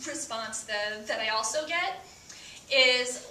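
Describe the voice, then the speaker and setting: A woman's voice: sits high, slow, sharp tone, echoey room, distant mic, slight background noise. A woman performing stand-up comedy before a live audience, speaking with a stutter full of repeated sounds.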